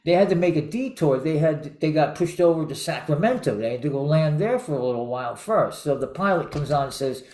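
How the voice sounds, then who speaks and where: A man hosting a casual show, telling jokes and stories with chuckles and halting restarts. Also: fairly high pitch, lively intonation, a little mellow, reverberant. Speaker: show host. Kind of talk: casual joke-telling chat.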